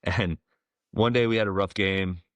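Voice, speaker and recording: Low-voiced man telling easygoing stories. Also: moderate pace, no echo. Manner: relaxed, rambling, lots of fillers and likes. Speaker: guest, former pro baseball player. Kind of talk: casual storytelling interview.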